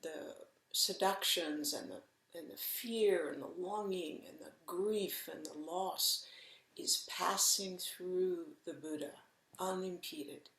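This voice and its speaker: A middle-aged woman giving a Zen dharma talk, slow, gentle and reflective with soft pauses, recorded in an echoey room. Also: lowish voice. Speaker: Zen teacher.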